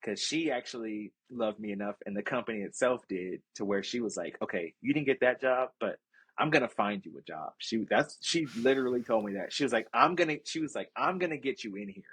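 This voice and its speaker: A man's voice: mid-range voice, expressive, fairly quick, a bit bright, slightly rough, no room sound. A young man co-hosting a podcast, telling stories animatedly in casual chat, swearing and laughing often. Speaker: podcast co-host.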